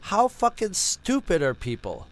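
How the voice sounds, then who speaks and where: Over a rough recording, a podcast co-host with a high voice keeps a measured pace. His story comes out sarcastic and profane in rambling, casual talk, lively but full of restarts.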